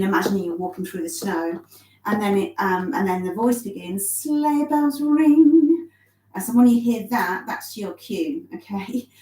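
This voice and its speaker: A woman's voice: medium pitch, slight background noise. A woman teaching a live tap dance lesson from a kitchen, a little out of breath, chatty with many ums and restarts. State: slightly out of breath. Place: kitchen of a small bungalow. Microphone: phone set on the floor. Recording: roomy sound from a distance.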